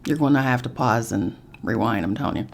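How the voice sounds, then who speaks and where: A woman hosts a spiritual talk podcast, her voice low for a woman. She talks in a blunt, lively, chatty way and drops casual swear words. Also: fairly quick. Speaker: podcast host.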